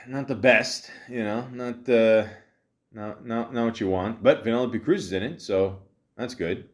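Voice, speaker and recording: A man's voice: medium pitch, a little mellow. Profane, rambling male podcast host. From half Italian, half Greek heritage. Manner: rambling, profane, joking, many fillers and restarts. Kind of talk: casual solo podcast commentary.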